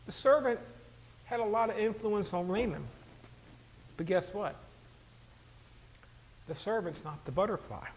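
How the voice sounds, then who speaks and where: A man preaching a sermon in an animated, conversational way, throwing rhetorical questions to the congregation. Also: sits high, measured pace, long pauses, poor audio. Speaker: pastor.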